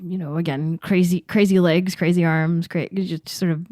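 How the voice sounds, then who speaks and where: A woman's voice: fairly low pitch, flat delivery, normal speed, warm tone, dry recording, studio quality. A woman co-hosting a podcast, telling stories in casual chat and laughing often. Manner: chatty storytelling, laughs often. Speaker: podcast co-host.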